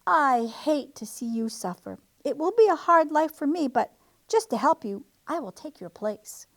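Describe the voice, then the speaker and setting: Reader voicing a hungry sly fox, smooth and threatening, storybook villain. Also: female voice, high-pitched, lively intonation, moderate pace, a bit bright, pitched above the performer's own voice. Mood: wheedling. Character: greedy sly male fox.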